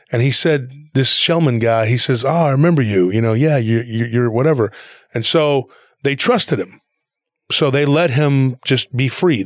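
A man's voice: mid-range voice, no echo, clean studio sound. A man casually retelling a story he heard, rambling along with plenty of "he goes" and "he's like".

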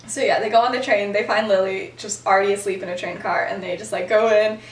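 A young woman casually retelling a story as a podcast host, giggly and animated, with lots of fillers. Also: medium pitch, quick pace, recorded from a distance. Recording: echoey room, voice off-mic.

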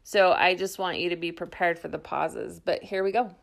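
A woman co-hosts a casual podcast, talking through a story with her co-host. Her voice has a gravelly, creaky edge. She reads messages aloud with awkward little laughs. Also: fairly low pitch, normal speed. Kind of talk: casual chat recapping a show.

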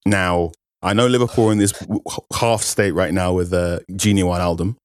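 A man's voice: low-pitched, steady tone, normal speed, dry recording, clean studio sound. A man, a football writer guest, explaining transfer ideas in detail and acting out quotes. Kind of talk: analytical football chat.

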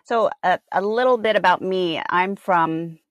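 Woman podcast host, excited chatty vibe, laughs a lot, lowish voice, dead dry recording. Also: measured pace, dry recording. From Washington state. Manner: warm, enthusiastic, laughs often. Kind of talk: casual interview.

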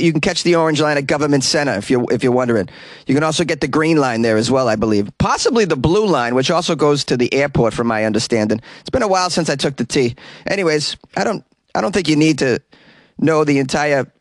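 A man's voice: on the high side, dry recording. A man with a Boston accent hosting a comedy news podcast, rambling and joking through digressions. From Boston, USA. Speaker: podcast host. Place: small closet.

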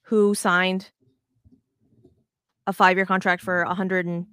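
Woman podcast host, casual baseball chat, animated and rambling, smooth clear voice, dry close sound. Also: on the low side, slow pace, no echo. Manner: animated, swears freely, rambling restarts.

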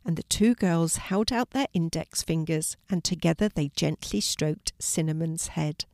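An older woman gently reading a children's storybook aloud, her voice fairly low and clear. The sound is close and dry, with no room echo. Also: normal speed, few pauses.

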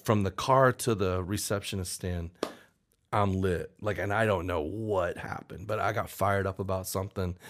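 Deep-voiced man telling a candid story. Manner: candid, rambling, with restarts and acted-out quotes. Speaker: songwriter guest. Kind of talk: storytelling in a casual interview.

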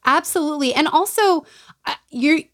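A woman's voice: high voice, normal speed. A woman hosting a podcast, chatting in a casual, wry way about a book. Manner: conversational, wry. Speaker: podcast host. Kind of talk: casual chat.

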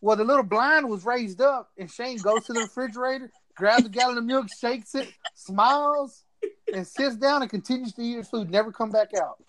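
A man's voice: very high voice, moderate pace, a bit bright, low-quality recording. A man with a drawl tells a crude story to friends in a casual chat. He keeps laughing as he acts out what his buddies said. Light noise sits behind him.

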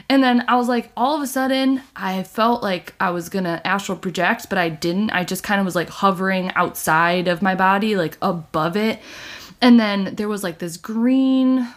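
A woman's voice: mid-range voice, moderate pace. A young woman co-hosting a casual chat, telling rambling stories full of fillers and giggles. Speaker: podcast co-host.

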